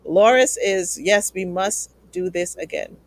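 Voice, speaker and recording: A woman's voice: mid-range voice, measured pace, no room sound. Earnest woman host, dry sound. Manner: emotional, earnest, pleading. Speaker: talk show host. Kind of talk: live show sign-off to viewers.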